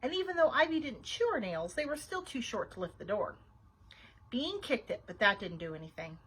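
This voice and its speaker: Animated woman reading a children's book. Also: fairly high pitch, brisk, husky, low-quality recording. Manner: expressive, animated reading with asides. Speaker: librarian reading aloud. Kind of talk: children's storytime read-aloud.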